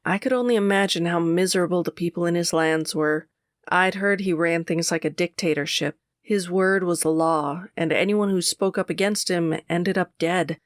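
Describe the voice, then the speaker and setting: A woman narrating a first-person audiobook in a steady, measured way. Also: lowish voice, no echo, clean studio sound.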